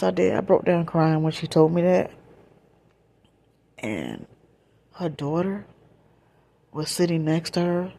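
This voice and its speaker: Woman, ASMR storytime, breathy whisper, husky, slow-paced, confiding, emotional. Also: low voice, a little mellow. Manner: confiding, emotional, repeats phrases, addresses listeners directly.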